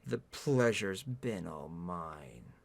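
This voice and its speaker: A man voicing a stern, brooding rich young man in a slow, hushed, breathy way, as a mock-dramatic book reading. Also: deep voice, very animated, pitched below the performer's own voice, exaggerated voice. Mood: smoldering.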